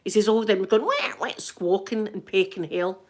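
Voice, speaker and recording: A woman's voice: medium pitch, moderate pace. A Scottish woman hosting an ASMR livestream, chatting casually and acting out the people in her stories. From Scotland. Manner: animated, acts out the quoted people. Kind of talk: casual storytelling chat.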